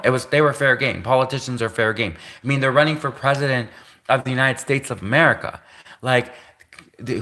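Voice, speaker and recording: A man's voice: medium pitch, pushed and bright. A man from Canada on a livestream, rambling through a monologue with restarts, self-corrections and half-jokes.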